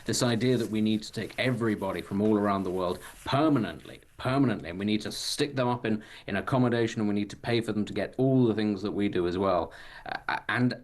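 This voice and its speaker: A man's voice: fairly low pitch, fast talker. A man, a political commentator on talk radio with a dry, sardonic, articulate way of arguing.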